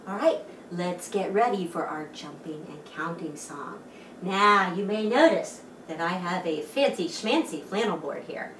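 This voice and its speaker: A woman leads a children's storytime, her voice swooping playfully up and down in a sing-song, encouraging manner. She takes her time, speaking at a slow pace. She sounds distant in an echoey room, with faint music underneath. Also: on the low side, animated, a bit bright, slight background noise. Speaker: children's librarian hosting storytime.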